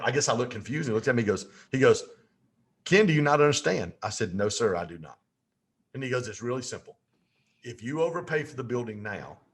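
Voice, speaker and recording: A man telling a lively story as a podcast guest, with folksy asides. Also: mid-range voice.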